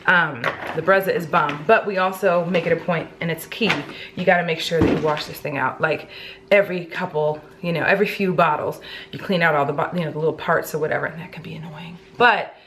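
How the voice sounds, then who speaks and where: A woman's voice: sits low, steady tone, a little fast, noisy background. A young woman chatting casually to her camera at home in a family vlog, slangy and talkative, with music playing under her voice. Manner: chatty and slangy, drops into baby talk with the infants. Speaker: vlogger. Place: home, indoors.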